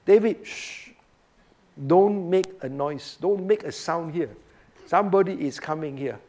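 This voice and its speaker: A man voicing God quietly hushing David in a cave as he retells a Bible story. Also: on the high side, unhurried, natural voice. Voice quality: hushed.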